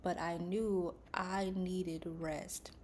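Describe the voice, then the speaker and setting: A woman speaking calmly and gently to her viewers about faith and coping with pain, with soft breathy asides. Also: fairly low pitch, very slow, a little hiss or hum. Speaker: faith and wellness vlogger. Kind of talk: calm reflective talk to camera.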